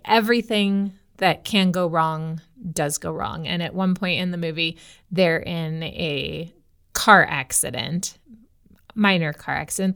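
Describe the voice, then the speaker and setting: A woman's voice: fairly low pitch, clear, resonant tone. A woman pastor from the United States, tired today, speaking candidly in a conversational devotional podcast, telling a family story. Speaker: women's pastor.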